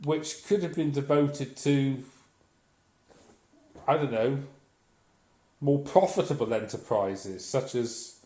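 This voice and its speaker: A man's voice: mid-range voice, slow pace, long pauses, mellow. A man delivering a blunt, profane, sardonic comic rant as a vlogger. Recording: echoey room.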